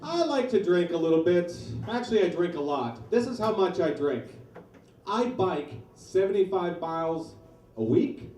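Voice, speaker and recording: Brief: comic in his forties, mellow deadpan delivery, mic distant in a roomy bar. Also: sits high, moderate pace, slight background noise. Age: 40s. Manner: deadpan storytelling with loud punchlines. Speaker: stand-up comedian. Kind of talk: stand-up set. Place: small New York comedy bar. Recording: echoey bar from far off. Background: audience laughter.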